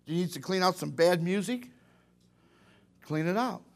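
A middle-aged man preaching a sermon in a folksy, animated way, acting out little quotes. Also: high-pitched, normal speed.

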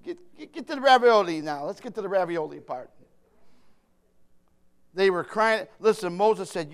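A man preaching a sermon, talking straight to his congregation, joking with them and swinging from quiet asides to loud emphatic bursts. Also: sits high, animated, moderate pace, pauses often.

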